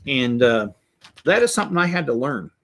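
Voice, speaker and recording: A man's voice: mid-range voice, very animated, moderate pace, fairly bright tone. A middle-aged man talking casually and candidly as he builds, rambling with many restarts and asides. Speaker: Lego builder and channel host. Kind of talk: casual chat while building.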